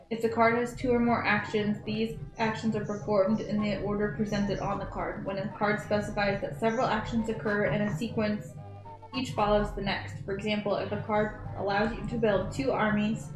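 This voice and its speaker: A woman's voice: medium pitch, flat delivery, moderate pace. A woman co-hosting a live board game stream, reading rules aloud and teasing her partner. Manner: teasing, helps look up rules. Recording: roomy echo with music behind. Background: music.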